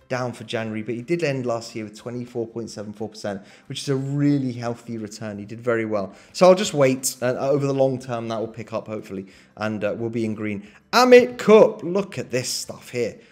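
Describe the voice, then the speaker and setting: A man's voice: medium pitch, a little mellow. A man vlogging about his investments in a casual, think-aloud way, hesitant and second-guessing himself. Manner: thinking aloud, hesitant, full of ums and self-doubt. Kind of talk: casual screen-share commentary.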